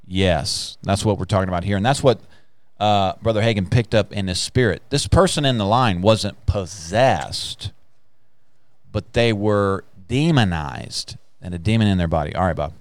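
A man's voice: lowish voice, dry recording. A man hosting a faith podcast, talking emphatically in a preacher-like way, with frequent hallelujahs. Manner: emphatic, exclaims hallelujah and praise the Lord. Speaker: podcast host.

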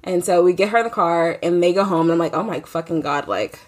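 A woman's voice: on the low side, fast talker. A young woman telling a night-out story in casual chat, swearing freely and acting out quotes.

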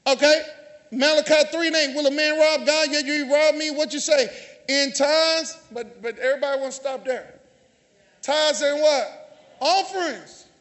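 A man's voice: very high voice, fairly bright tone. A man with a Southern US accent preaching a sermon in a church, calling out to the congregation and teasing them. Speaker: pastor. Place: church sanctuary. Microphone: handheld or stage mic.

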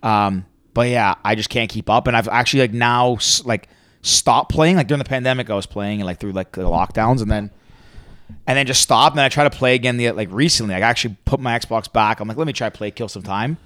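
A man's voice: mid-range voice, brisk, a bit bright, clear, resonant tone, no echo. A man in his thirties, co-hosting a podcast, telling rambling stories full of fillers. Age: 30s. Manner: rambling, many fillers, laughs at own stories. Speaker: podcast co-host. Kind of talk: casual storytelling chat.

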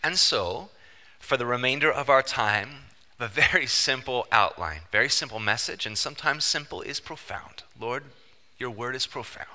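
A man preaching a sermon as pastor, emphatic and animated, with joking asides. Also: medium pitch, normal speed. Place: church sanctuary. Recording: long church-hall reverb.

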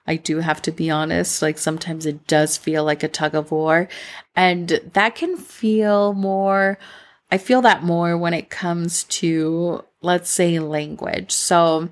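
A woman's voice: fairly low pitch, little pitch movement, slow. A young woman with a Midwestern American accent, hosting a solo podcast and talking candidly in a rambling, reflective way, full of "like" fillers. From born in Colombia, raised in Minnesota. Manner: candid, rambling, frequent "like" fillers, laughs at herself. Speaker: podcast host.

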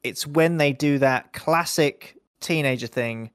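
Male podcast co-host, rambling and animated, a shade higher-pitched than most men. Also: measured pace, smooth, no echo, clean studio sound. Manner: animated, rambling, acts out scenes. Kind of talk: casual film-review chat.

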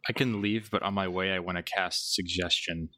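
Low, flat-voiced male player. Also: normal speed, slight background noise. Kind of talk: playing a tabletop role-playing game.

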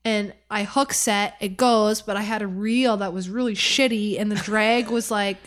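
A young woman co-hosting a podcast, telling a story in casual chat, animated and laughing as she goes. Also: mid-range voice, normal speed. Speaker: podcast co-host.

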